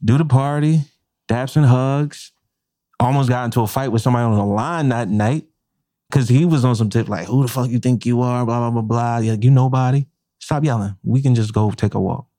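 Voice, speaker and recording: A man with a medium-pitched, brisk voice, recorded clean in a studio with no room sound. He's a chef and podcast co-host telling a profane story from work in casual talk, animated and acting out the quotes.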